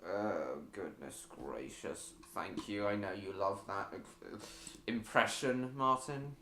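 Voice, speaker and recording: Man, live-stream host, bright low-pitched voice, echoey room with faint hiss. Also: takes it slowly. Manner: reads viewer messages aloud and answers them. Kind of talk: casual live-stream chat.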